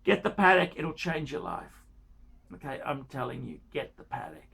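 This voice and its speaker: A man's voice: mid-range voice, big pitch swings, moderate pace, creaky, a bit bright, breathy edge. A man giving watch-buying advice in a casual rant, pushy and pleading, repeating himself and throwing in crude jokes.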